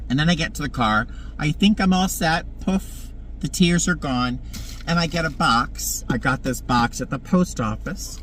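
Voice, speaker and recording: A man in a casual vlog, telling a story from his work as a flight attendant. He is emotional and dramatic, often stressing words suddenly. His pitch sits in the middle, and faint ambient noise runs behind him. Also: fairly bright tone.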